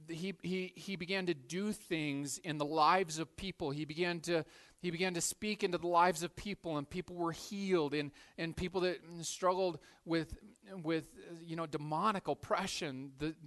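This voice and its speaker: Male pastor, slightly high voice; lively sermon storytelling that swings between loud and hushed. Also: normal speed.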